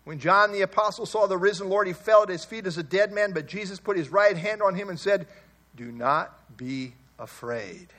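A man's voice: sits high, steady tone, fast, hardly any pauses, fairly bright tone. A male pastor giving an expository Bible sermon, earnest and emphatic, often repeating key phrases and chuckling.

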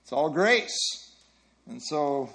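A man's voice: a little high, expressive, slow pace, vocal fry, fairly bright tone. A man leading a Bible study class, teaching earnestly and repeating key phrases for emphasis.

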